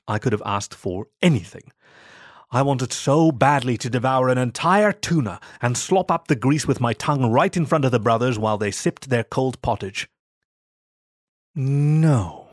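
A man narrating a first-person story in a steady, measured reading. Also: medium pitch, dry recording, studio quality.

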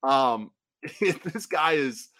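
A man's voice: on the high side, lively intonation, extremely slow, sharp tone, no room sound. Man, podcast co-host, casual rambling chat, frequent restarts, dry close sound. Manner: rambling, restarts often, laughs between phrases.

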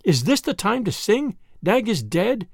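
A man's voice: high-pitched, big pitch swings, unhurried, creaky, dry recording, clean studio sound, pitched above the performer's own voice, exaggerated voice. A man doing a fierce, impatient little mongoose. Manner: curt, impatient, commanding. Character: brave young male mongoose, fierce and quick.

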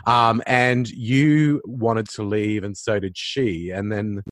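A man hosting an interview podcast, asking measured questions. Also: on the low side, steady tone, dry recording, clean studio sound. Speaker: podcast host.

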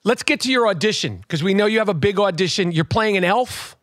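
Teasing New man with a high voice. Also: lively intonation, dry recording, clean studio sound. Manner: teasing, rapid, loud New York banter. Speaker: podcast host. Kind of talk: casual podcast banter.

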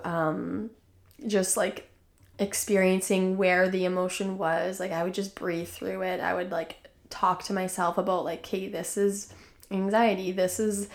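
A woman hosting a podcast, telling a personal story in a chatty, casual way with many fillers. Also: lowish voice. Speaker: podcast host.

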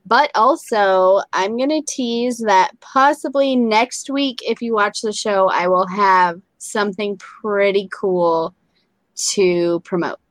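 A woman's voice: medium pitch, slow, no room sound. A woman guest on a casual chat show, a comedian talking in a chatty, hesitant way.

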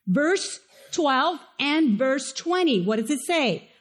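A woman with a Spanish accent preaches in a high, bright-toned voice. Her delivery is conversational and animated, and she keeps turning questions back to the congregation. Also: slow. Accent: Spanish-accented English. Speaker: pastor. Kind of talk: sermon.

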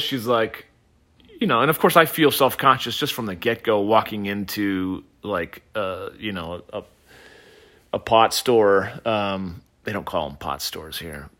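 Guy on a podcast rambling through a funny story, keeps cracking up, mid pitch. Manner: animated, laughing often, many fillers. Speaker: podcast host. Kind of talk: casual storytelling.

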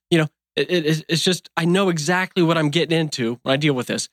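A man's voice: fairly high pitch, animated, quick pace, fairly bright tone, no room sound, studio quality. Earnest folksy man in his fifties. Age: 50s. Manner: earnest, folksy, rambling with many restarts. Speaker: donut shop owner. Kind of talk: casual interview talk.

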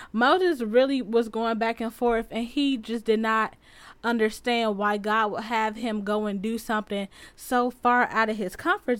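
A young woman from the west side of Chicago, hosting a faith podcast in a chatty, animated way and retelling Bible stories in everyday slang. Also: a little high, no room sound. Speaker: podcast host. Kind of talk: casual faith podcast talk.

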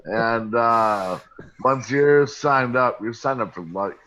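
A man's voice: mid-range voice, slow pace, sharp tone. A man co-hosting a podcast, making dry, laid-back jokes in casual banter. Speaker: podcast co-host. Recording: slightly dull, lo-fi sound.

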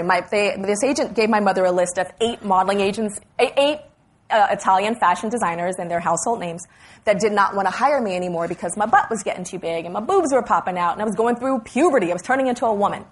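A middle-aged woman as an interview guest, telling animated stories with frequent laughs. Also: mid-range voice, fast talker. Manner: animated, storytelling with laughs and exclamations. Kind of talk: conversational interview.

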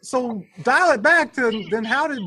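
Podcast host guy, high husky voice, long rambly questions, laughs a lot. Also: expressive, unhurried, bright, forceful tone. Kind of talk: interview questions.

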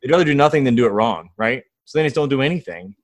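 A man in his thirties, a guest in an interview, telling lively stories about his kids and acting out their quotes. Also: medium pitch, fast, no echo. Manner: enthusiastic storyteller, acts out quotes. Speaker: guest, fatherhood author and founder. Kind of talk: conversational interview storytelling.

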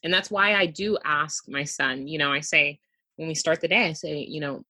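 A woman's voice: deep voice, fairly even intonation, moderate pace, sharp tone, breathy edge, no echo. A woman talking as a guest author in a casual interview, chatty and sprinkled with "you know". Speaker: guest, debut picture book author.

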